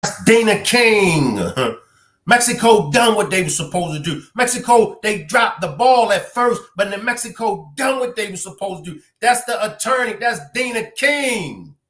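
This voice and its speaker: A man giving heated live-stream commentary, repeating himself and swinging from loud outbursts to low muttering. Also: normal speed, few pauses, roomy sound.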